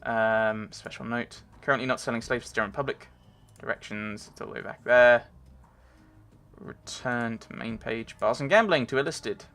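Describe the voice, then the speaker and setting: A man's voice: medium pitch, moderate pace, a bit bright. A man giving casual, rambling commentary while playing a game, thinking aloud and reading on-screen text. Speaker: let's play gamer.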